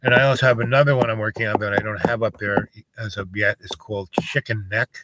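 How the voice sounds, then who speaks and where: A man's voice: on the low side, steady tone, fast talker. A man telling a long, meandering story in a casual monologue, full of fillers and side remarks. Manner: meandering, many fillers and asides. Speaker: vlogger. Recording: noisy with clicks.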